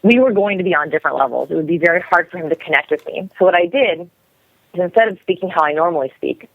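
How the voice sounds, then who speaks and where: A young woman who talks quickly and energetically, explaining as a guest expert in a podcast interview. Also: fairly low pitch, animated, no room sound. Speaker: guest expert on body language. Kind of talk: podcast interview over the phone. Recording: dry, tinny phone line.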